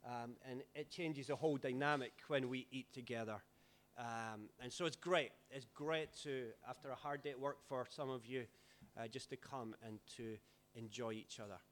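A Scottish man, a pastor, giving a chatty, relaxed sermon with stories and fillers. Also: mid-range voice, moderate pace. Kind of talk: informal sermon storytelling.

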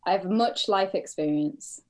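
A woman's voice: mid-range voice, a little slow, a little mellow. Brash swearing woman from northern England. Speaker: podcast co-host. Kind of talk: casual podcast banter.

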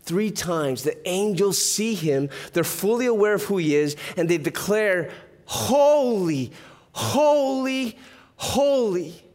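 A man's voice: high-pitched, normal speed, hardly any pauses. A man preaching a sermon as pastor, telling stories with humor and asking the listeners questions. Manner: lively storytelling with humor and rhetorical questions.

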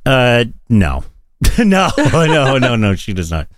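A man co-hosting a podcast in casual political chat, profane and animated, often laughing. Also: medium pitch, takes it slowly, no echo. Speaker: podcast co-host.

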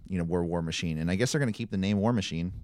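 A man co-hosting a casual podcast chat, easygoing and relaxed, with lots of fillers. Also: low voice, rapid-fire, dry recording, clean studio sound. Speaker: podcast co-host.

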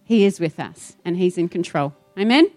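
A woman pastor speaking to a church, telling a story in a lively, animated way with acted-out quotes. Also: on the low side, normal speed, faint music behind.

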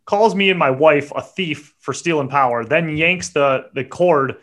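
A man, co-hosting a podcast and telling a story in a casual, animated, profane way. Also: a little high, a little slow. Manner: animated, profane, builds to indignant outbursts. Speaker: podcast co-host.

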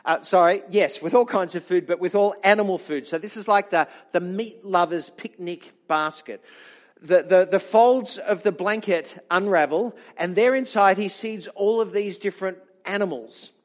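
A man preaching a storytelling sermon in an animated, chatty way, with frequent restarts. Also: high-pitched, moderate pace.

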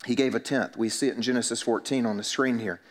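A man's voice: medium pitch, fairly even intonation, fast talker. A male pastor preaching a sermon in a conversational way, joking with the congregation and acting out little everyday dialogues.

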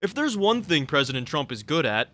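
A man's voice: fairly high pitch, sing-song, fairly quick, sharp tone. A man co-hosting a casual comedy podcast, laughing often and reading articles aloud in a mocking tone. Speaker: podcast co-host.

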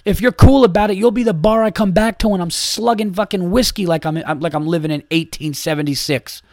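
A man's voice: sits high, fairly quick, darkish tone, no room sound, clean studio sound. A man hosting a podcast, delivering an exasperated, profane monologue in a casual ranting way. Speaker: podcast host and comedian.

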